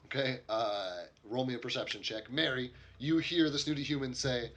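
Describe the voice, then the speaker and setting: A man's voice: medium pitch, normal speed, a bit bright. A man acting as game master, explaining and narrating with many restarts. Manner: rambling, many fillers and restarts.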